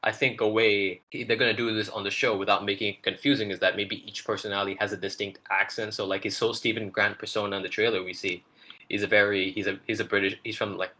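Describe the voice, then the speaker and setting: A man's voice: lowish voice, flat delivery, fast talker, bright, forceful tone. A man co-hosting a casual trailer breakdown, rambling with lots of fillers and restarts. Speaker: podcast co-host.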